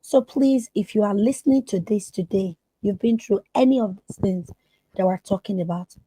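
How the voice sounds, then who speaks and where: A woman's voice: medium pitch, moderate pace, warm tone, husky, no echo, rough recording. A woman therapist speaking as a podcast guest, earnest and emphatic. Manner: emphatic, acts out quoted voices.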